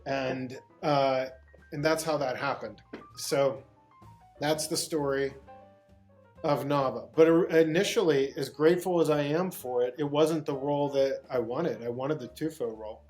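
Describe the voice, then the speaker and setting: A man's voice: mid-range voice, measured pace, darkish tone, soft background music. A man from Pittsburgh, a guest actor, tells a long anecdote in an interview, rambling with restarts and bursts of laughter. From Pittsburgh, USA.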